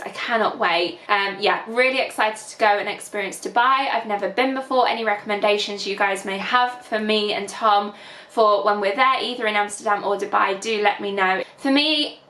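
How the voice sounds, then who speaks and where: A woman's voice: mid-range voice, sharp tone. Northern english girl in her 20s vlogging, lots of likes and ums, roomy echo. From England. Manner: chatty, many fillers, emotional and teary at times. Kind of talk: casual reflective vlog chat.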